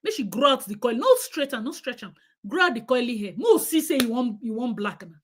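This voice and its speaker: A Nigerian woman with a high voice hosts a live stream. She talks straight to her viewers, giving pointed opinions with emphasis. She switches easily into Nigerian Pidgin. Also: animated, brisk, background noise.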